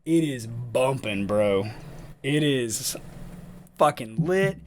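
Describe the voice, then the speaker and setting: A man's voice: medium pitch, lively intonation, slow pace, a little mellow, slight background noise. A man co-hosting a podcast, telling a rambling, profane story in casual chat and laughing often. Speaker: podcast co-host.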